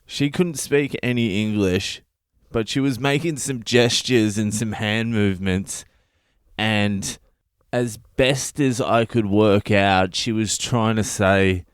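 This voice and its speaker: A man's voice: fairly low pitch, slow, clear, resonant tone, no room sound, clean studio sound. Swearing Australian man telling a story. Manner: swears constantly, acts out his own lines. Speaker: comedian and podcast host. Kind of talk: profane comic storytelling.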